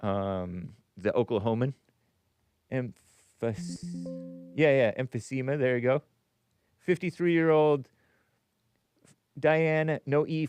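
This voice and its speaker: A man's voice: mid-range voice, smooth, no echo. A man hosting a call-in show, rambling and musing aloud, breaking off mid-phrase and chuckling. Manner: rambling, self-interrupting, chuckling. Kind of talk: casual radio call-in talk.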